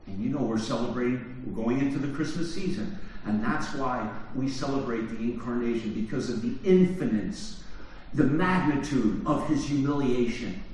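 A man preaching a sermon, asking the congregation questions and swinging from hushed, low phrases to loud shouts. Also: animated, measured pace. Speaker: pastor. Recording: very echoey hall from far off.

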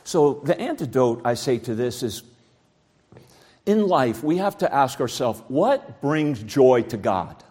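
A man preaching a sermon, swinging between loud, shouting emphasis and low, quiet passages. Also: big pitch swings, slow, husky.

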